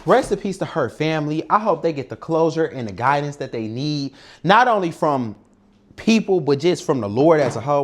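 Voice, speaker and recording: A man's voice: on the high side, very animated, moderate pace. A man from Detroit hosting a casual cooking show, talking bluntly and swearing a lot, muttering to himself at the stove. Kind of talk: casual talk while cooking. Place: home kitchen.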